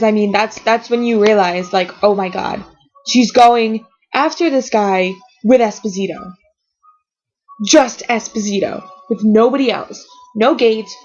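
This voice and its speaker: A woman with a fairly high, darkish-toned voice records a rambling, emotional fan reaction vlog at home, reacting to a TV episode. She gushes and trails off mid-sentence, and the webcam audio is dull and lo-fi.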